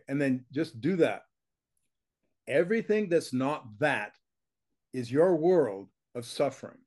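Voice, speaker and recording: A man's voice: medium pitch, darkish tone. An older man, a teacher, talks bluntly and emphatically in an interview and keeps checking in with his listener. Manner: emphatic, blunt, with frequent laughs and rhetorical check-ins. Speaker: consciousness teacher, guest.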